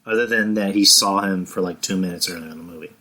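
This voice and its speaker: Bright-voiced man rambling on a podcast. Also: low voice, fast. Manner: rambling, restarts often, casual swearing. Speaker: podcast co-host. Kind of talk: casual podcast chat.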